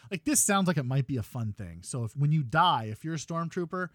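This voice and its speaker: Podcast co-host, male, lively sing-song delivery, dry close mic, chatty and rambling. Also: on the high side, fairly quick, dry recording. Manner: animated, laughing, rambling with restarts. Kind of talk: casual gaming podcast chat.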